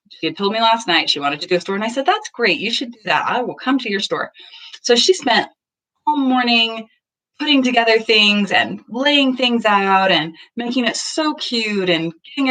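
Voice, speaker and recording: This parenting vlogger, a woman in her thirties, chats casually to the camera at home after coming in from the garden. She's earnest and acts out bits of conversation, in a medium-pitched, fairly bright voice.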